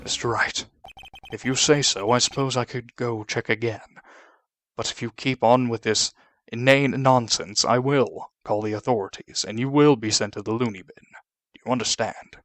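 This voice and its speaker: A man plays a pompous older lawyer from a game, speaking in a stiff, fussy way at a middling pitch. Game music plays clearly behind. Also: fairly even intonation, moderate pace, a bit bright, dry recording, natural voice. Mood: stern.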